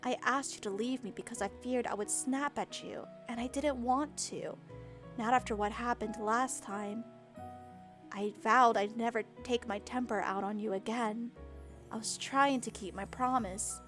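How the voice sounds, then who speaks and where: A woman's voice: fairly high pitch, fairly even intonation, unhurried, fairly bright tone, soft background music. A woman doing a proud, caring heroine with a posh English lilt. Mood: tender. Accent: attempted upper-class English. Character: caring, proud young woman, gently scolding.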